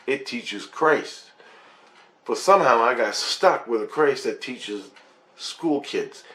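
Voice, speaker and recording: A man talking casually to camera about his spiritual experiences, animated and swearing at times. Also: mid-range voice, slow pace. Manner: animated, swearing, quoting others in changing voices. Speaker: vlogger sharing spiritual experiences. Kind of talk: casual monologue. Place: low-income apartment.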